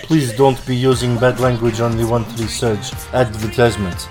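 A loud, pushy cab driver with a thick put-on Russian accent, as a man hams it up. He talks in broken English, boasting and lecturing like a comedy radio ad. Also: medium pitch, little pitch movement, normal speed, music in the background, natural voice. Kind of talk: comedy ad skit.

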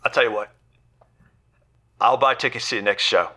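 A man voicing a pushy, shady street fixer with a Cockney-style London accent who talks fast and dodges questions. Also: medium pitch, a crowd in the background, lightly acted.

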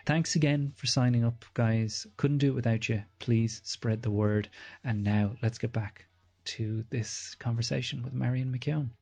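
A man's voice: medium pitch, steady tone, measured pace, gravelly, darkish tone. A man with an Irish accent, hosting a podcast and reading out show announcements in a chatty way. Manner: chatty, plugs events and merchandise. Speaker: podcast host. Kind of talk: podcast ad read.

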